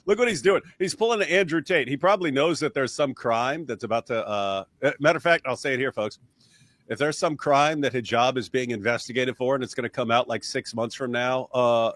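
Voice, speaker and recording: A man's voice: medium pitch, a little fast, fairly bright tone, no room sound. A man co-hosting a live stream in casual chat, talking in a mocking, sarcastic way.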